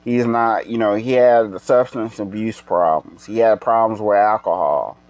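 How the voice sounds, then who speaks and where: A tired man hosting a casual solo podcast, rambling and halting with many restarts. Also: lowish voice, darkish tone, no echo, highs cut off. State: tired, yawning. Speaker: podcast host.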